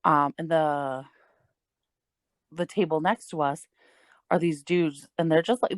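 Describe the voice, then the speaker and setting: A woman's voice: low voice, fairly even intonation, slow, dry recording. A young adult woman co-hosting a podcast, telling a story in a rambling, casual way full of "like" and swearing. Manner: rambling, heavy use of "like", frequent swearing and laughs. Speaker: podcast co-host.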